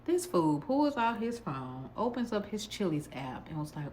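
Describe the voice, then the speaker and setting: A woman vlogger telling a dating story casually, in a sassy, blunt, animated way. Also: medium pitch, moderate pace, hardly any pauses, slight background noise.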